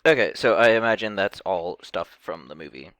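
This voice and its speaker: Deep-voiced, hesitant man reacting. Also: expressive, normal speed, fairly bright tone, no echo. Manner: hesitant, many ums and restarts. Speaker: reaction video host. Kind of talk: casual reaction commentary.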